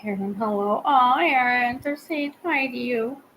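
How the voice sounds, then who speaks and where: A woman's voice: a little high, a little slow, fairly bright tone, a little hiss or hum, poor audio. A woman hosting a live stream, chatting casually with viewers in a rambling way and laughing often. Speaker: livestream host.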